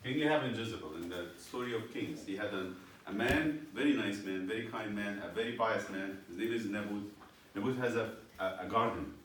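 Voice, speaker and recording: A man's voice: fairly low pitch, brisk, a bit bright. A man leading a Bible study class, retelling a story animatedly and checking in with his students. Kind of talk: storytelling lesson. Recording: echoey room, distant mic, faint noise.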